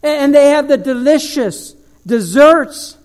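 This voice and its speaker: A man preaching a sermon as pastor, telling an animated story and dropping to a slow, low voice for emphasis.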